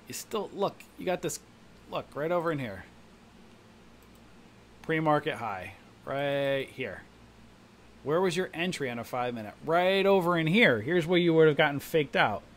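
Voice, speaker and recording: With a fairly high pitch, a measured pace and frequent pauses, this man hosts a live trading stream, breaking down charts and animatedly impersonating new traders in a panic. A little hiss or hum runs under the audio.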